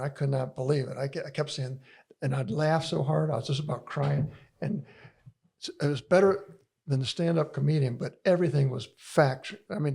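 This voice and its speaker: A man's voice: medium pitch, creaky, mellow, slightly rough. An older man as a podcast guest, telling a long, rambling story in casual conversation, full of restarts and laughs.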